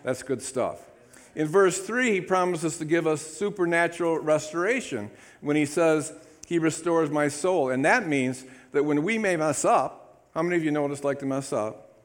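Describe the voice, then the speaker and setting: A man's voice: on the high side, normal speed. A male pastor preaching a sermon in his church, upbeat and chatty, often calling for amens from the congregation. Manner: upbeat, calls for amens, lively congregation prompts. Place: church sanctuary.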